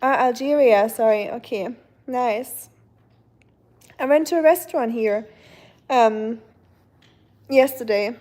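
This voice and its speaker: A woman with a German accent chats casually with her stream viewers, rambling on with plenty of fillers. Her voice sits a little high but sounds soft and mellow. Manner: chatty and rambling, with lots of fillers. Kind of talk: casual chat with viewers while gaming.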